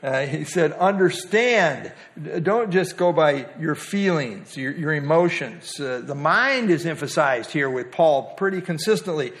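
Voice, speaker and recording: Pria guru Alkitab yang santai. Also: male voice, a little high, lively intonation, measured pace, few pauses, fairly bright tone. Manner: conversational, many "uh" fillers, asks the group questions. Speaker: Bible study teacher. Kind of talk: Bible study teaching.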